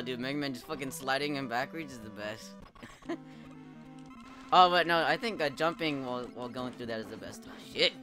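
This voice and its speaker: Bright-voiced, swearing, excitable young streamer. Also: male voice, fairly high pitch. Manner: profane, excitable, laughs often, shouts at the game. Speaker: streamer playing a retro game. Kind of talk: live gameplay commentary. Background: game music.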